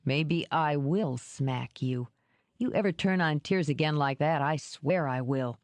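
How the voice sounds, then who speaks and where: A woman voicing a gruff, protective male cop who speaks curtly. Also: low voice, unhurried, no echo. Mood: irritated. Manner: curt, gruff.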